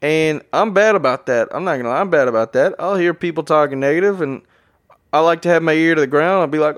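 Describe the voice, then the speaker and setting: A man's voice: fairly high pitch, fast. A man hosting a motivational podcast, talking energetically and repeating phrases for emphasis while addressing his listeners as guys. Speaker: podcast host. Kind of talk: motivational monologue.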